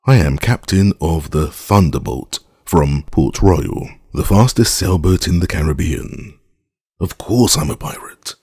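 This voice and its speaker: A man voicing an elderly male pirate captain, hearty and amused, with a gruff manner. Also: low voice, animated, unhurried, darkish tone, no room sound, clean studio sound, exaggerated voice. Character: old male pirate captain, jovial, insistent.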